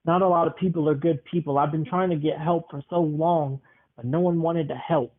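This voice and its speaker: A man's voice: on the high side, steady tone, fairly quick, natural voice. Young man doing a pushy desperate stranger. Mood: pleading. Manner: insistent, pushy, then pleading. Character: desperate adult male stranger pleading for help. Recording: tinny phone-like sound.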